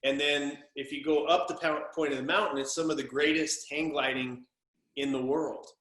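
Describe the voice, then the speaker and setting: A man hosting an interview podcast, with a voice on the higher side for a man. He chats in a loose, friendly way and tells his own stories with animation. His voice carries a roomy echo. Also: normal speed. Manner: animated, chummy storyteller. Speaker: podcast host. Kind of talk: casual interview chat.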